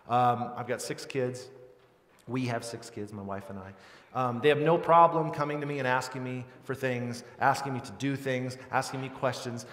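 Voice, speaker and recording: Earnest pastor preaching in a reverberant hall. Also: male voice, medium pitch. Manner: earnest, conversational preaching with lively quoted voices. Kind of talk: sermon. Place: large church hall. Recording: roomy church hall with long reverb.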